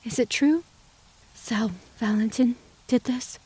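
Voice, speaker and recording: A woman's voice: medium pitch, moderate pace, darkish tone, dry recording, lightly acted. A woman voicing a grieving, indignant older woman with a Swedish accent, who spits out bitter words. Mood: horrified. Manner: spitting bitter words, pleading.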